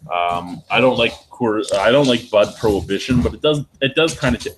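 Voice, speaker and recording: A man's voice: fairly low pitch, lively intonation, normal speed, poor audio. Profane, rambling male beer show host. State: tipsy. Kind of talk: casual chat.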